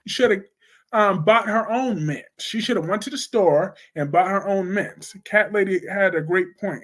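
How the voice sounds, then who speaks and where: Young male host, high-pitched, blunt and animated, casual livestream banter. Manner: blunt, animated, slangy, talks back to chat. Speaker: soap opera commentary livestream host. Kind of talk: casual live chat reading viewer comments.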